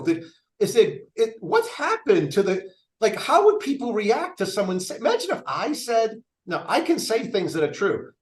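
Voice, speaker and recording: Older male candidate, lively, rambling delivery, slightly high voice, roomy echo. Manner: animated, rambling, frequent restarts. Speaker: presidential candidate. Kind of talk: casual interview talk. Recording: echoey room.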